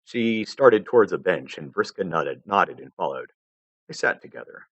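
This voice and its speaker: Low-voiced man reading a story aloud. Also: normal speed, husky, no echo, highs cut off. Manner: expressive storytelling narration. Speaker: fanfiction reader. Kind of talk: live reading of fan fiction.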